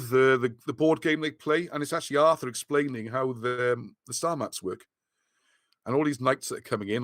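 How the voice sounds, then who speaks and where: A man's voice: mid-range voice, dry recording, studio quality. A man giving a casual, rambling livestream talk to his viewers. He restarts his sentences often and says he is losing his voice. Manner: rambling, excitable, many restarts. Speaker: host of a live video chat.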